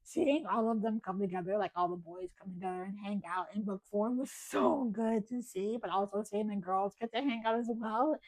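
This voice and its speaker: A young American woman vlogs about books to camera, rambling casually with fillers as her voice gives out. Her mid-range voice is darkish, moderately paced with hardly any pauses, on a rough recording with no echo.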